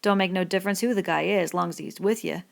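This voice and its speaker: In an audiobook, a woman voices a bitter, lonely, middle-aged male stable hand, using a rough rural dialect. Her voice is lowish and fairly quick.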